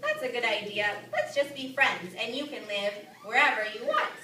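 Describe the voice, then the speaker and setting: Woman doing a little mouse girl, high and squealy, eager, lively swings, echoey hall, distant mic, loud noise. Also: normal speed, exaggerated voice. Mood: gentle.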